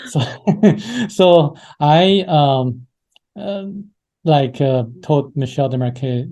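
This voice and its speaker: A man being interviewed, telling a personal story with many pauses and fillers. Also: fairly high pitch, mellow. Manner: hesitant, many fillers and restarts. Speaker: interview guest.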